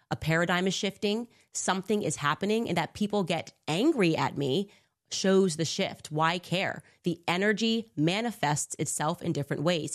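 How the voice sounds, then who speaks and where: Low-pitched woman host, chatty, gets animated telling a story. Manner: animated, conversational retelling. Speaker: podcast host. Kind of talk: storytelling monologue.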